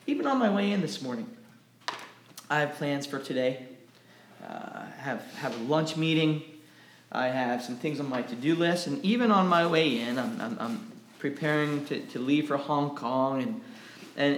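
A man with a fairly high voice preaches a sermon in an animated way, stumbling over repeated words as his energy rises. His voice rings in an echoey church room. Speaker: pastor.

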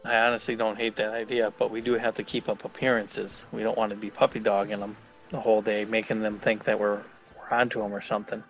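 A man's voice: on the low side, level tone, quick pace, soft background music, rough recording. A man playing a tabletop game, talking in a polite, good-humored, chatty way. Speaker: player.

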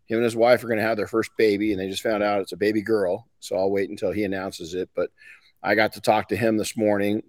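A man's voice: on the low side, no room sound. A middle-aged man hosting a podcast, talking casually and folksily with frequent restarts. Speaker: podcast host. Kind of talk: casual motivational talk.

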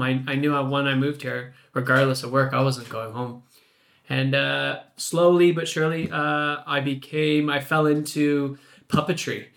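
A man's voice: fairly high pitch, fairly bright tone. A Canadian man in his thirties, a podcast guest chatting casually and laughing often as he tells a story. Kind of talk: casual chat.

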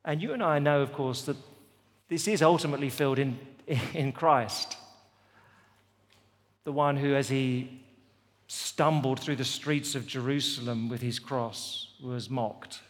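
Man, preacher, emphatic sermon cadence, mid-pitched voice, long hall reverb. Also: measured pace. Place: festival venue.

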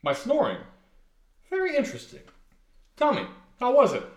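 Cheery ex-barfly convict, read by a man, high and lilting, roomy echo. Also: huge pitch swings, moderate pace, full character voice. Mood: chipper. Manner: chipper, mock-sympathetic, high lilting delivery. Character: gregarious chatty male prisoner, ex-barfly.

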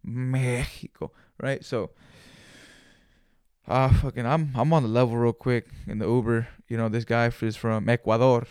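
A man hosting a solo podcast, telling a story in an animated, profane, slangy way with Spanish words mixed in. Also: mid-range voice, normal speed, clear, resonant tone, no room sound, studio quality. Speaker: podcast host. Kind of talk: casual storytelling monologue.

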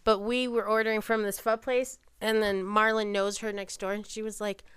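A woman's voice: medium pitch, moderate pace, hardly any pauses, clear, resonant tone, dry recording. A woman hosting a casual podcast chat, telling chatty stories and acting out the people in them. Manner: chatty storyteller, animated retellings. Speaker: podcast host.

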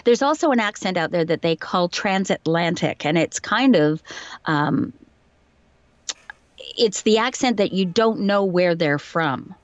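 A woman's voice: lowish voice, lively intonation, unhurried, dry recording, dull audio. A woman voice actor with a light received pronunciation English accent, chatting casually in an interview and explaining with examples in a modest, self-deprecating way. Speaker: voice actor guest.

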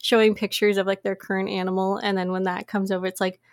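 A woman's voice: mid-range voice, level tone, fast talker, dry recording, studio quality. A woman co-hosting a podcast in casual chat, talking in a chatty, emotional way with frequent laughs. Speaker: podcast co-host.

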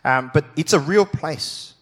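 Male youth pastor, high voice, animated, repeats phrases for emphasis, long hall reverb. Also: unhurried. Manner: animated storytelling with jokey asides. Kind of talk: sermon teaching.

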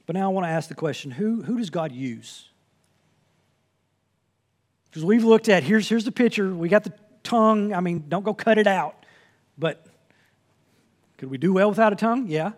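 A man's voice: sits high, animated, moderate pace, long pauses. A man preaching a sermon from the pulpit, earnest and conversational, quoting scripture as he teaches. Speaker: pastor.

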